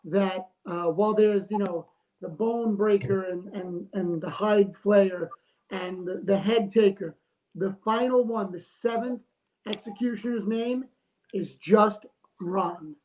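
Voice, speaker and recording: A man co-hosting a casual livestream chat, telling stories in an animated, joking way. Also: high-pitched, muffled recording. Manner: animated storyteller, jokey. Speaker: comic artist, co-host.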